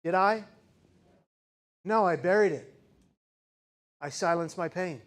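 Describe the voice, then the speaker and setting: A man in his forties giving a personal storytelling speech as a keynote speaker, dramatic and shifting between loud intensity and hushed quiet. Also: sits high, takes it slowly. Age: 40s.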